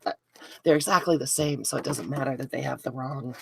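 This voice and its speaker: Chatty low-voiced woman crafting live. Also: brisk, gravelly, background noise. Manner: chatty, self-deprecating, talks to viewers by name. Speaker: craft video host.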